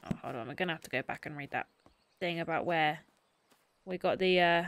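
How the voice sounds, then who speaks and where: A woman's voice: deep voice, fairly quick, background noise. A woman streaming a game, chatting casually, self-mocking and reading game text aloud. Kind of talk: casual gameplay commentary.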